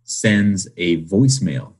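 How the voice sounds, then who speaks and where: His voice sits low, expressive and a little mellow with a breathy edge, moving at a slow pace. He's a man in his twenties guesting on an interview podcast, chatting loosely with heavy use of "like" and acting out small phone calls.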